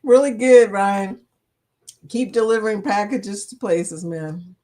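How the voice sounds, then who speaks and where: A woman's voice: medium pitch, fairly even intonation, slow pace, dark tone. A woman hosting a casual livestream, chatting with her viewers and laughing often. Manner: chatty, laughs often, talks to chat as y'all. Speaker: livestream host.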